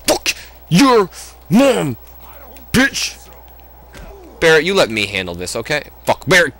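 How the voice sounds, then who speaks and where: A man casually chatting while playing a wrestling video game, swearing loudly in excited outbursts. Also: high voice, measured pace, pauses often. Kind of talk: profane casual let's-play chat.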